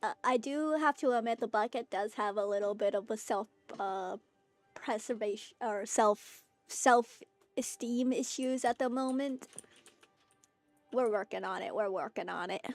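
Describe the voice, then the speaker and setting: Slow-talking playful woman streamer. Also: fairly high pitch, no room sound, faint music behind. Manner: playful, flirty, talks to chat. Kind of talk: casual game streaming.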